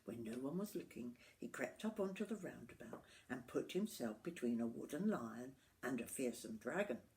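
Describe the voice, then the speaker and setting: An older woman reading a children's story aloud, expressive and adding asides to the listener. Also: rumbling low, moderate pace.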